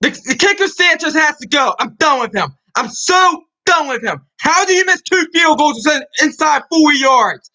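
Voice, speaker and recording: High, sharp-voiced man ranting furiously. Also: expressive, moderate pace, few pauses, rough recording. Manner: furious, ranting, swearing, repeats himself. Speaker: sports vlogger. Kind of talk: angry sports rant.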